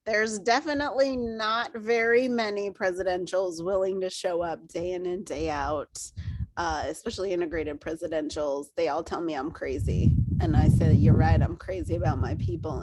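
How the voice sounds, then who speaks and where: A woman leader speaks with passion to her team, urging them on. Her voice sits low, and faint noise hums behind her. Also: moderate pace, a little mellow, rough recording. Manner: passionate, encouraging. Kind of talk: motivational talk to a team.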